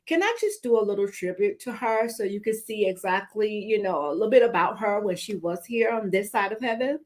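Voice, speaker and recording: A woman hosting a live online talk show on a video call, giving church-flavored greetings and shout-outs to viewers. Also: a little high.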